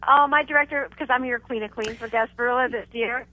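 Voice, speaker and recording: A woman's voice: on the high side, steady tone, brisk, narrow, tinny audio, slight background noise. A woman, the show's regular host, calling in by phone, gushing and chatty. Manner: bubbly, gushing. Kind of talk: casual phone chat.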